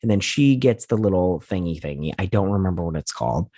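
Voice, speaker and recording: A man with a deep, slightly husky voice hosts a casual TV review, loosely retelling scenes and correcting himself as he goes. He sounds a little sleepy, and the recording is close and dry. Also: expressive, brisk, few pauses, warm tone, no echo. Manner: rambling, loose retelling full of "he's like" and "and everything"; self-correcting, unsure of details. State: sleepy, yawning. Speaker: host of a TV review channel. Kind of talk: casual episode recap and review.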